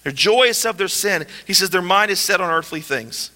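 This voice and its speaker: A man preaching a sermon as a pastor, talking with passion and moving from quiet, low asides to emphatic, rising lines. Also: expressive, moderate pace, in a large hall. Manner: impassioned, shifts between soft and emphatic.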